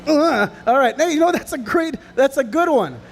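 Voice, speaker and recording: A man presenting a lively children's stage show at a festival, playful and hammy, rousing the crowd of kids. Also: very high voice, moderate pace. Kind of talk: energetic kids' stage show.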